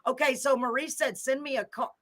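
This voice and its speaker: A woman's voice: sits high, steady tone, a little fast, fairly bright tone. Emotional older woman radio host. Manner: emotional, gushing, laughs often. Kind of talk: casual chat.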